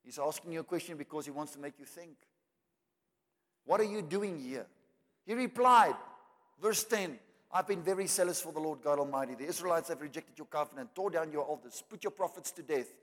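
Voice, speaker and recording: A man preaching a sermon, swinging between loud climaxes and quiet asides. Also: on the high side, animated, fairly quick. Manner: dramatic preaching with rising shouts and soft drops. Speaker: pastor. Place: church hall. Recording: long hall reverb.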